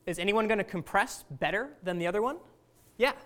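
A woman's voice: medium pitch, expressive, a little fast, fairly bright tone. A woman teaching a class in a casual, conversational lecture, often asking the students questions.

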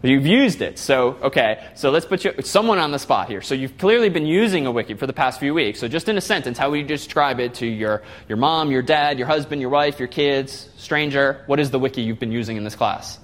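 A man's voice: mid-range voice, expressive, fairly quick, hardly any pauses. A man giving a classroom lecture, explaining step by step and putting questions to the class.

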